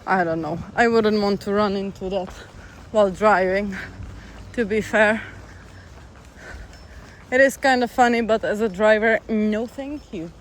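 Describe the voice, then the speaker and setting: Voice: medium pitch, measured pace, long pauses, rough recording. A young adult hiker chatting casually and wryly to the camera while walking outdoors by a road. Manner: chatty, easygoing, wry. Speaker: long-distance hiker, vlogger. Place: outdoors by a road in a town, windy. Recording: wind and traffic noise outdoors. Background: wind and passing vehicles.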